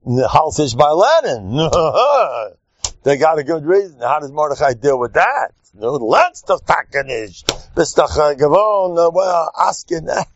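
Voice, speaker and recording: A man giving a humorous Torah lecture as a rabbi, joking and teasing as he teaches. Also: moderate pace. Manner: animated, joking, acts out quotes in squeaky voices. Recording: dull, dry lo-fi recording.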